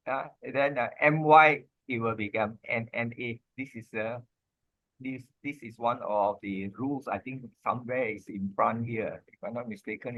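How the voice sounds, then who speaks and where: A man, teaching Pali grammar in an informal lesson, halting and repeating himself, with many "ah" and "lah" fillers. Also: medium pitch, pushed and bright, no room sound, poor audio.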